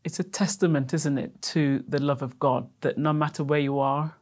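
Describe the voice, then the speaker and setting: An interviewer on a faith program, speaking in a gentle, reflective, sermon-like way. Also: medium pitch, fairly even intonation, normal speed. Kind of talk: interview hosting.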